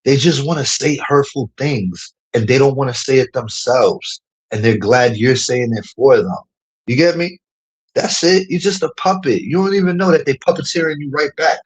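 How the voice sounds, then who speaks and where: Husky man ranting mockingly on stream. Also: medium pitch, moderate pace, rough recording. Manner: heated and mocking, laughs often; keeps saying "you know what I'm saying".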